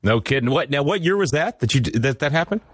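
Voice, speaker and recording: A man co-hosting a radio talk show, chatty and quick, rambling a bit as he asks questions. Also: medium pitch, animated, a bit bright, no echo, studio quality. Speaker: radio co-host. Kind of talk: casual radio interview.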